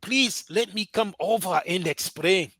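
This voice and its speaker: A man's voice: sits high, a little slow, bright, forceful tone, dry recording, exaggerated voice. A man voicing a lying wife pleading with her husband, reading her texts in a raised voice with an exaggerated Kenyan accent.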